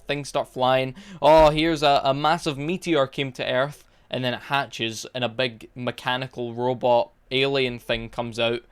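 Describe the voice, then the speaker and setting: A man's voice: mid-range voice, a bit bright, clean tone. A young man casually reviewing a movie, exasperated and mocking, rambling with fillers.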